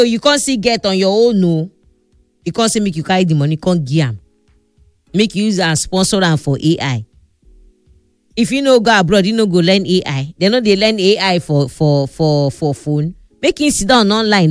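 This blunt advice vlogger talks in Nigerian Pidgin with a mid-range voice, scolding emphatically and repeating things for stress. It's casual advice talk. The audio is dry and close with no echo, and faint music runs under her.

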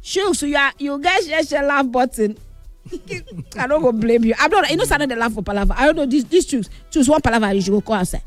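A woman with a Nigerian Pidgin accent, co-hosting a radio show in teasing, expressive banter. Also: high voice, a little fast, dry recording, faint music behind. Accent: Nigerian Pidgin English. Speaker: radio co-host. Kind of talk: casual banter.

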